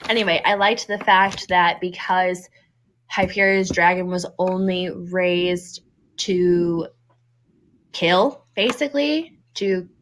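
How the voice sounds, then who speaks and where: A woman's voice: fairly low pitch, slow pace. A woman co-hosting a book review podcast, chatting casually and acting out quotes from the book. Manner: animated, acts out quotes from the book. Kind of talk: casual chat.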